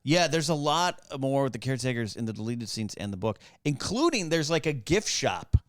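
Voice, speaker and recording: A man's voice: medium pitch, very animated, a little fast, dry recording. Chatty, jokey man in a dry room. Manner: chatty, jokey, rambling with restarts. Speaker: guest commentator. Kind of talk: casual live movie commentary.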